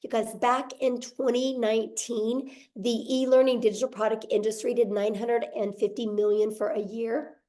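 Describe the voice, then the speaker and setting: Woman, fairly high voice, mellow warm tone, upbeat webinar host, chatty sales pitch. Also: flat delivery, moderate pace, few pauses. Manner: upbeat, keeps saying "you guys". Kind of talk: sales pitch to online viewers.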